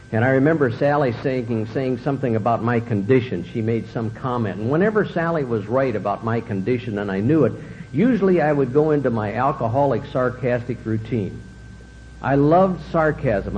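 Earnest man telling his story, lo-fi. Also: darkish tone. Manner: earnest storytelling, acts out quoted dialogue. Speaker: recovery speaker. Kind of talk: personal testimony talk. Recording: dull lo-fi recording with faint rumble.

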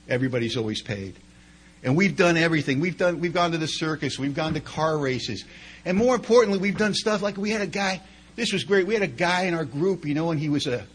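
Middle-aged man, slightly raised pitch, easygoing storyteller at a meeting, conversational with asides. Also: breathy edge, low-quality recording. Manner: conversational, chatty with many asides. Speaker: speaker sharing at a recovery meeting. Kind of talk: storytelling talk.

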